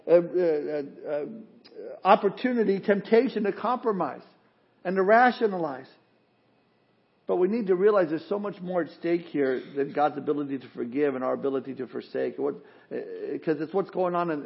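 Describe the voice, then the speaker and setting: A man's voice: sits high, creaky, husky, muffled recording. A man preaching a sermon in a conversational way, acting out the excuses people make. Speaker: pastor.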